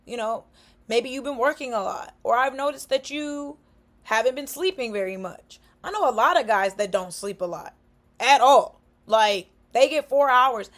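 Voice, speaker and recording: A young woman with a high voice talks straight to camera in a loose, casual way. She is frank and animated, uses slang, and often slips into short acted-out quotes of other people's remarks. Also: moderate pace. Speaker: vlogger.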